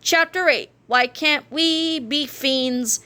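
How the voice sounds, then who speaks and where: Woman reader, children's book, playful narration, slightly high voice. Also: takes it slowly. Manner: playful, lively storytelling. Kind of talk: children's book read-aloud.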